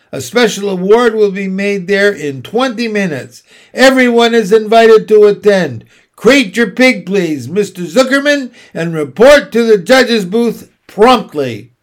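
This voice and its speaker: A man reading aloud from a storybook, voicing a formal fairground loudspeaker announcer. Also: sits high, voice pushed up. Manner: formal public announcement, raised and projected.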